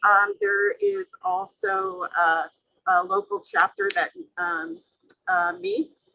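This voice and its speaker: A woman giving halting remarks on a panel as a guest, with many pauses and fillers. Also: big pitch swings, gravelly, sharp tone, poor audio. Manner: halting, many fillers, pitch swooping widely. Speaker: guest speaker on native plants.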